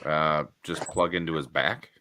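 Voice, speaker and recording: A man's voice: very deep voice, fairly even intonation, measured pace, background noise. A laid-back man in a casual toy chat, making short dry remarks. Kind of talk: casual chat while opening toys.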